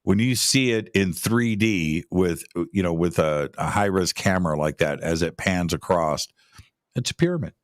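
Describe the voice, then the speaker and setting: A man's voice: sits low, lively intonation, moderate pace, no room sound, studio quality. A man talking casually about pyramids as a guest, rambling, repeating words and restarting his sentences. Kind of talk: casual conversational talk.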